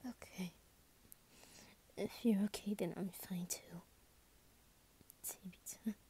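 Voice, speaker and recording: A woman voicing an anxious, tender young woman who softly reassures her partner, in a whispered role-play. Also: medium pitch, fairly even intonation, takes it slowly, close to an everyday voice. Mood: tender, worried. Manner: soft, reassuring, worried. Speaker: ASMR role-play creator.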